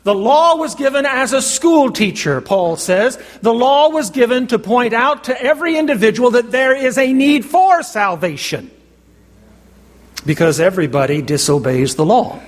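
Guy preaching a sermon, pretty high voice, long reverb like a big church. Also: sing-song. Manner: emphatic, asks the congregation questions and pauses for answers.

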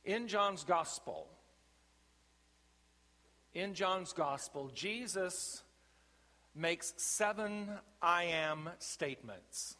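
A pastor with a high, sharp voice preaches a sermon in a church sanctuary, slowly and emphatically, with deliberate pauses. The recording has the long reverb of the sanctuary.

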